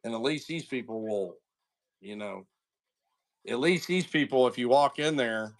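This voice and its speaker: A man's voice: mid-range voice, unhurried. A man hosting a sports card break livestream, chatting casually with viewers and telling a story in a loose, talkative way. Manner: chatty, greets viewers, tells stories with asides.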